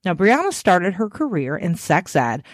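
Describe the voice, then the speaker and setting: A woman's voice: lowish voice, sing-song, moderate pace, no room sound, studio quality. A woman hosting a podcast alone, playful and cheeky, swearing freely, a bit tired. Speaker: podcast host. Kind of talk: casual solo podcast chat.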